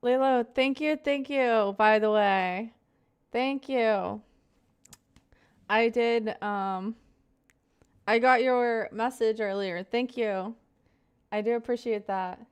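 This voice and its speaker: A woman's voice: fairly high pitch, takes it slowly, pauses often, clear, resonant tone. A young woman in her twenties chatting casually on a live stream, greeting viewers by name and rambling through stories.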